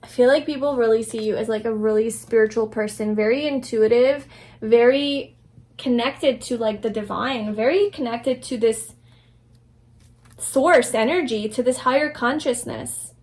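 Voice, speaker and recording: A woman's voice: on the high side, normal speed. A young woman giving a casual pick-a-card tarot reading, rambling and affirming, with many fillers and restarts. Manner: soft, affirming, gentle delivery. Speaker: tarot reader.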